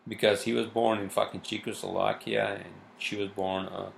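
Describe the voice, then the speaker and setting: A man's voice: fairly low pitch, level tone, moderate pace, creaky, slight background noise. A man ranting in a solo vlog, worked up and swearing constantly, with many fillers and restarts. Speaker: vlogger. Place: New York home.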